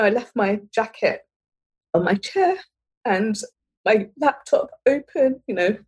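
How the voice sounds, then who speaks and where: Husky woman in her 30s, interview guest, candid story, lots of "you know" and restarts. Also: medium pitch, darkish tone, rough recording. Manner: candid, with many fillers and restarts. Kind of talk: personal story in conversation.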